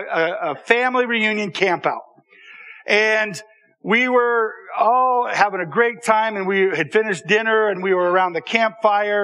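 A man telling a personal story to an audience in a lively, conversational way, often checking in with the listeners. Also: high voice. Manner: animated, conversational, with repeated restarts and audience asides. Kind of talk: storytelling talk.

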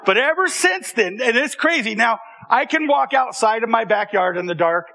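High, bright-voiced man telling a story. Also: moderate pace, a faint crowd. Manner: animated, conversational, with repeated restarts and audience asides. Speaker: speaker telling a personal story to an audience. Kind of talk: storytelling talk.

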